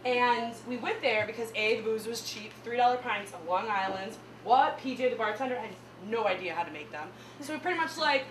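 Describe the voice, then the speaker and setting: A young woman with a Midwestern accent doing an animated stand-up set, laughing at her own punchlines. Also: medium pitch, quick pace, few pauses, noisy background. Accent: Midwestern American. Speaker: stand-up comedian. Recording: echoey room with mic far off.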